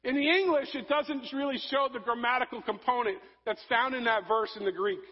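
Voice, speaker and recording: A man preaching a sermon, rising to loud emphasis and dropping to soft, low passages. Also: a little fast, lo-fi sound. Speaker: pastor.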